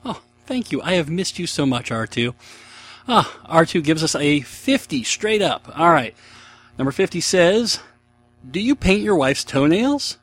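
A man's voice: fairly high pitch, very animated, unhurried, fairly bright tone. A man in his thirties hosting a casual solo podcast, chatty, rambling and self-mocking. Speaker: podcast host.

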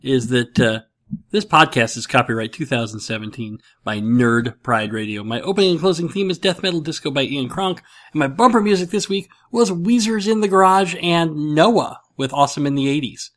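A man's voice: on the high side, animated, moderate pace, a bit bright. A man hosts a casual podcast, rambling along in a loose, self-mocking way. His voice sits a bit above the usual male range, and he keeps it easy and conversational. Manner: rambling, self-mocking, with many fillers and restarts. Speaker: podcast host.

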